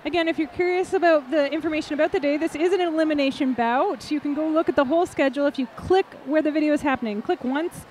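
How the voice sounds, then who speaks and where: A woman's voice: high-pitched, darkish tone, slight background noise. A woman commentating a live roller derby bout, chatty and jokey, often laughing at her own puns.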